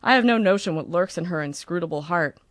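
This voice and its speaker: A woman's voice: fairly low pitch, expressive, fast talker, dry recording, natural voice. Woman putting on a sardonic older gent, dry and languid. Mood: droll, sardonic. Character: older gentlemanly uncle, droll and sardonic.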